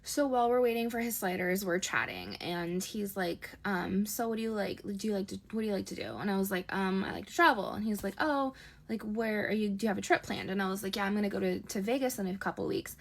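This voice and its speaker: A woman tells a personal story in a casual, chatty storytime voice. She talks very quickly, at a middle pitch. She slips quoted dialogue into her narration in her own voice. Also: animated, gravelly.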